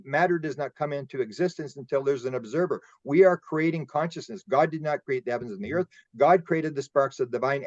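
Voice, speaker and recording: A man's voice: mid-range voice, darkish tone, no room sound, dull audio. A man talking casually in a roundtable discussion, rambling and repeating words as he explains his ideas. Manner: rambling, repeats words, acts out quoted voices. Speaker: UFO researcher and guest.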